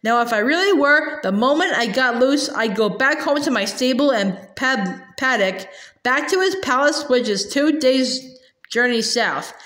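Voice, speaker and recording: A woman's voice: high-pitched, fairly bright tone. Woman reading as a proud talking war horse. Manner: haughty and brisk, talks down to the boy. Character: proud talking male war horse, scornful yet protective. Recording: roomy echo.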